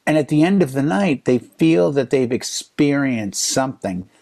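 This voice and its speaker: Animated man telling stories in casual chat. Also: medium pitch, moderate pace, gravelly. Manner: animated storyteller, voices other people's lines in quotes. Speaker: DJ and podcast co-host.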